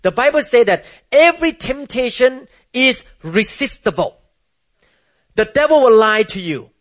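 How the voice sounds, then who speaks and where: A man with a high voice preaches with heavy emphasis, firing rhetorical questions and spelling key words out letter by letter. The sermon comes through a muffled, low-fidelity recording. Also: animated, a little slow. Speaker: pastor.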